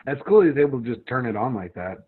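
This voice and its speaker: A man chiming in on a casual podcast chat with quick interjections. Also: medium pitch, very animated, breathy edge. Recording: tinny phone-like line.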